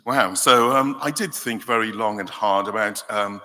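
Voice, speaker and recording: A man with a Welsh accent, a cathedral dean, reads a Bible passage and then reflects on it in a thoughtful, measured way. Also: fairly low pitch, bright, forceful tone. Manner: measured reading, then thoughtful talk with fillers. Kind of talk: Bible reading and reflective teaching. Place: large convention hall. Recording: long hall reverb.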